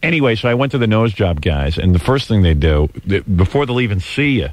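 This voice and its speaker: Low-pitched guy in his 40s rambling on radio, self-deprecating, dry close mic. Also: sing-song, a little fast, darkish tone, dry recording. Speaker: radio show host. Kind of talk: casual radio talk. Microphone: studio microphone.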